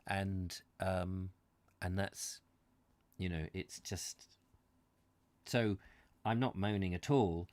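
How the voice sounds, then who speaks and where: Man, 50s, lowish voice, dry close sound; earnest live chat to viewers, halting and rambling. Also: no room sound. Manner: halting and rambling, full of restarts and searching for words; earnest and heartfelt. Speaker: host of a live reading channel. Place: his own studio.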